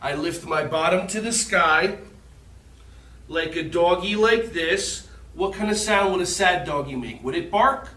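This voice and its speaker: A man with a high, bright voice guides children through a yoga lesson at an unhurried pace. He sounds gentle, encouraging and playful. His voice comes from some distance away, in an echoey room. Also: lively intonation. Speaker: kids yoga instructor.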